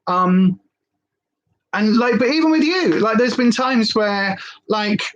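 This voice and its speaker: A woman's voice: mid-range voice, takes it slowly, muffled recording. A woman vlogger rambling candidly in a casual live-stream chat.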